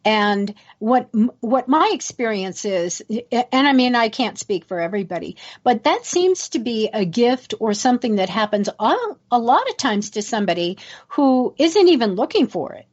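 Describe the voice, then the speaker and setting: A woman's voice: fairly high pitch, very animated, moderate pace, muffled recording. A woman hosting an internet radio interview, speaking in an affirming, conversational way to her guest. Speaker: radio host.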